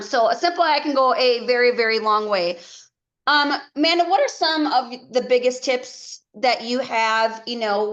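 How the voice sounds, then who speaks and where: Woman team leader on a video call; encouraging, chatty, fairly high pitch. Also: a bit bright, dull audio. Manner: chatty, encouraging, quick asides.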